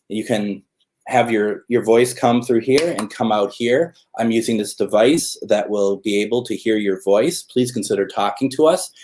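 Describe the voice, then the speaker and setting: A man's voice: mid-range voice, dark tone, rough recording. A man hosting a live spirit box session, patiently and politely coaxing spirits to talk to him. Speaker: paranormal livestream host.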